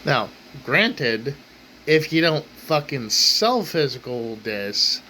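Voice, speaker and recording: A man's voice: mid-range voice, sing-song, slow pace, pushed and bright, slight background noise, rough recording. A man ranting angrily at his table at home, exasperated, swearing and repeating himself. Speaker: ranting vlogger. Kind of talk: angry rant to camera. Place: home kitchen table, indoors.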